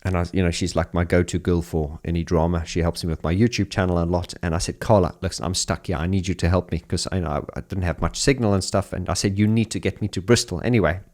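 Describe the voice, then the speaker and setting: An Englishman with a very low voice tells a story from his touring life. He talks in a chatty, animated way, with quick restarts and bursts of laughter. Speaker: keyboard player. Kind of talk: telling an anecdote.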